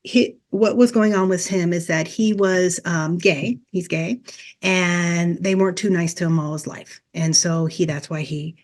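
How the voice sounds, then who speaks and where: A woman's voice: fairly low pitch, unhurried, a little mellow. A middle-aged woman, a Reiki teacher as guest on a podcast, earnestly telling a personal story and acting out past conversations as dialogue.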